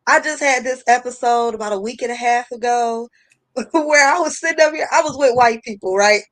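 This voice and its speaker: High-voiced woman telling a story. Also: fairly quick. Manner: animated storyteller, acting out voices. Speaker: livestream guest. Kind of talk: casual storytelling chat.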